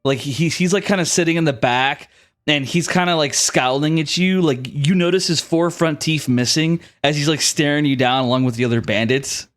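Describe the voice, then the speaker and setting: A man's voice: fairly high pitch, a little fast, fairly bright tone. A man acting as game master who narrates a tabletop game in a rambling way, full of fillers and restarts.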